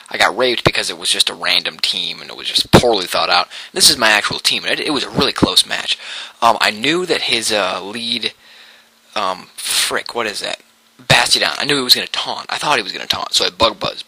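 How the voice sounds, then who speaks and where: A man's voice: fairly low pitch, pushed and bright, dry recording, rough recording. A young man casually commentating his own game battle, rambling and correcting himself with lots of ums.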